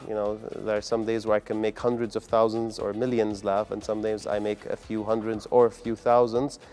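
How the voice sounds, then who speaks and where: A man's voice: fairly low pitch, level tone, fairly quick, darkish tone. A man from the UAE, a comedian answering interview questions in an upbeat, earnest way. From United Arab Emirates. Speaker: comedian and guest.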